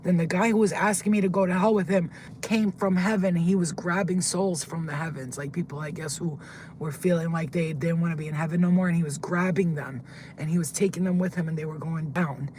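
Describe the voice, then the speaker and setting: A woman vlogger who tells a dream in a rambling, excitable way from a parked car. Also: lowish voice, fairly quick, slight background noise. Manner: rambling, excitable, swears when flustered. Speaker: spiritual vlogger. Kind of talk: casual storytelling, recounting a dream. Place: car, pulled over.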